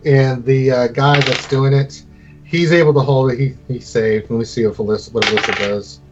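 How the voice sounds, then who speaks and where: A man's voice: mid-range voice, steady tone, normal speed, dull audio, music in the background. Man running a tabletop game. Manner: loose, rambling narration with fillers. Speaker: game master.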